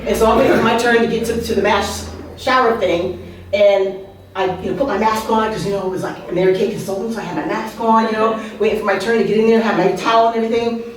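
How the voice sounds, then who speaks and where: A woman's voice: medium pitch, steady tone, fast. A woman in her fifties telling humorous personal stories at an open mic, chatty and full of asides and questions to the audience. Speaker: open mic speaker and author. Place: art venue open mic. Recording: very echoey room, voice heard from a distance.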